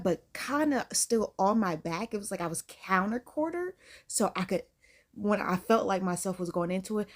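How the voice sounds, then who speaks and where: A woman with a Southern US accent hosting a casual reaction video, joking and talking animatedly with big jumps in pitch. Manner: animated, jokey, big pitch jumps, says "girl, bye". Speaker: reaction channel host.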